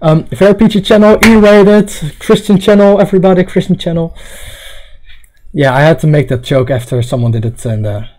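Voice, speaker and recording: A man's voice: a little high, moderate pace, darkish tone. A young man casually commenting on a visual novel on a livestream, reading the game text aloud, rambling and joking with some stammering. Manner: rambling, joking, stammering, mock-Russian asides.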